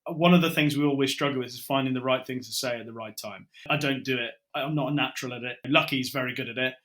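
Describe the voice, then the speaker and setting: A middle-aged British broadcaster spins stories in an easy podcast chat. His voice is bright and clear. He slips into the lines he and others said as he tells each tale. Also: mid-range voice, fast talker. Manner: lively storyteller, acts out his own quotes. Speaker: broadcaster guest. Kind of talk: casual podcast chat, anecdotes.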